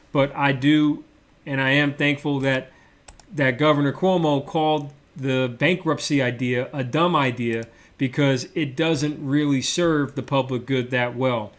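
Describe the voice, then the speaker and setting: A middle-aged man and former mayor walking through slides in an explanatory policy talk, repeating words for emphasis with frequent fillers. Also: medium pitch. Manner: repetitive, emphatic, many fillers.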